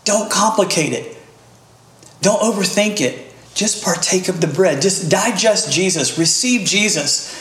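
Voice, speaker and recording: Animated middle-aged man preaching. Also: sits high, a little slow. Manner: animated, rising to emphatic peaks. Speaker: pastor. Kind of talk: sermon. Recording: echoey room.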